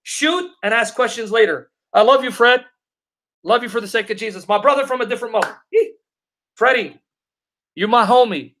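With a very high, pushed, bright voice and a little hiss or hum in the audio, a man teaches scripture on a live Q&A stream. He reads verses slowly and deliberately, answers viewers' comments, and emphatically repeats questions to reinforce each point.

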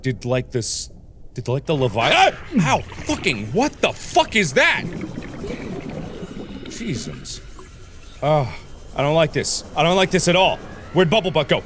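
Chatting jokily to in-game creatures, this twenty-something let's play host swears heavily and yelps in surprise during excitable commentary. His slightly high, fairly bright voice is very animated yet unhurried, with long pauses and a little hiss or hum.

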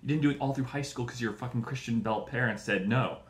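This man hosts a comedy podcast, swearing and rambling as he mocks others and performs their quoted lines. He speaks fast at a medium pitch, and the recording sounds roomy.

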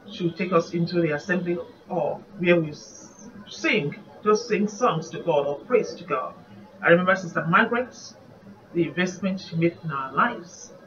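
A woman with a lowish, slightly bright voice, a Nigerian evangelist speaking Nigerian English, delivers an earnest and reflective devotional sermon. The recording sounds muffled and distant, with faint noise in the background.

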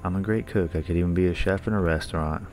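A man's voice: deep voice, fast talker, a little mellow, soft background music. A young man casually commentating a horror game, joking, swearing and talking back to the characters. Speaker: gaming YouTuber.

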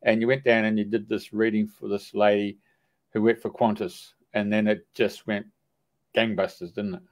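A man hosting an interview, casually prompting his guest with relaxed fillers. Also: on the low side, normal speed. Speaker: podcast host.

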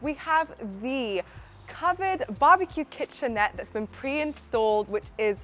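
A woman's voice: sits high, expressive, measured pace, a bit bright. A young woman presenting a walkthrough tour of a townhouse, chatty and enthusiastic, speaking straight to the viewer as she walks through the rooms. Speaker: real estate presenter. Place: inside a townhouse and on its rooftop terrace.

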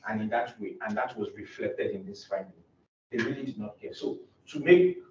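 A man's voice: mid-range voice, slight background noise. A young man, a doctoral student, gives an academic presentation in an earnest, explanatory way with frequent restarts. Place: presentation room. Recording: roomy, distant, dull lo-fi recording.

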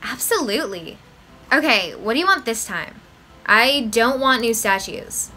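A woman's voice: a little high, animated, unhurried, pushed and bright, heavily acted. A woman voicing a rude, haughty young woman who speaks curtly and dismissively. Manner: curt and dismissive.

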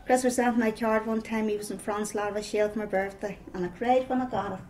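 A woman's voice: medium pitch, steady tone, quick pace, a little mellow, a little hiss or hum, rough recording. A middle-aged woman with a Northern Irish accent giving a personal testimony, telling her story with many repeated "I says".

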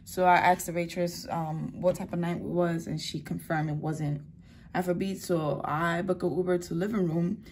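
A woman's voice: lowish voice, a little hiss or hum. A young woman vlogging on her phone, chatty, blunt and candid, with lots of slang. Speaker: travel vlogger. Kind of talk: casual vlog talk to camera. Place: hotel room.

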